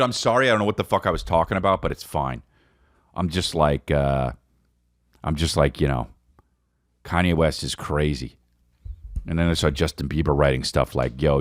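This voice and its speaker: Rambling, animated comedian man. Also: low voice, no room sound, studio quality. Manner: rambling, animated, breaks into silly voices. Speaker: podcast host. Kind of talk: comedic monologue.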